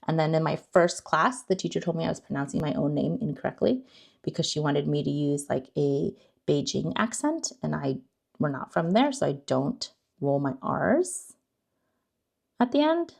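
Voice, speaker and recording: A woman's voice: sits low, expressive, normal speed, creaky, a little mellow. A young woman hosting a casual card-opening vlog, chatty and self-deprecating, often unsure of words. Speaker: card-opening channel host.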